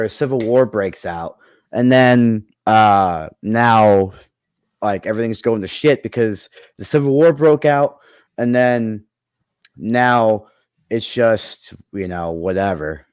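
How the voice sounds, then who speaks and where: Rambling man with a smooth, dry voice. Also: medium pitch, dry recording. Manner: rambling, full of fillers and restarts. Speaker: creator pitching movie ideas. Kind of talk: casual chat.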